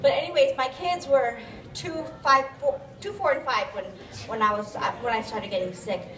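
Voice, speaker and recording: Woman with grandchildren, winded, candid and chatty, higher voice, picked up from afar in a roomy hall. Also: moderate pace, far from the mic, slight background noise. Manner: candid, chatty, gently joking. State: out of breath. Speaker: patient speaker. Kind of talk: public talk at an event. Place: event venue. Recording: echoey hall, mic from afar.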